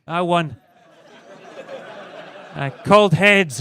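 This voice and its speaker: A man's voice: fairly high pitch, expressive, fairly quick, fairly bright tone. Scottish man doing stand-up. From Scotland. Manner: rambling, self-interrupting, with stammered restarts. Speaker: stand-up comedian. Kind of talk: stand-up set. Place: comedy club stage.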